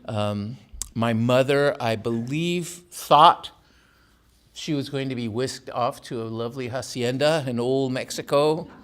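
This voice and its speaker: Older author at a lectern, wry storyteller, mid-pitched voice, easy laughs. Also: male voice, unhurried, fairly bright tone, smooth. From born in Tijuana, raised in San Diego. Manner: anecdotal, wry, laughs at his own stories. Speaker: author giving a talk. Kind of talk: storytelling lecture. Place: campus auditorium.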